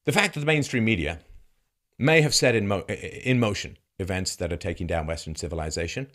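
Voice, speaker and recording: Reacting to a news segment, a male commentary host launches into an emphatic, sarcastic monologue packed with rhetorical questions and chuckles. He speaks animatedly and a little fast, swinging from loud, mocking peaks down to low, grave tones.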